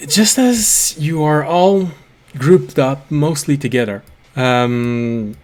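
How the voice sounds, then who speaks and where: A man narrating a tabletop game as game master, unhurried and pausing often. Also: a little high. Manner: unhurried narration with fillers and restarts.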